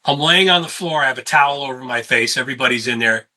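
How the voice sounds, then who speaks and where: A man hosting a casual sit-down conversation and telling lively tour stories. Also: medium pitch, quick pace, low-quality recording. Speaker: host; touring musician.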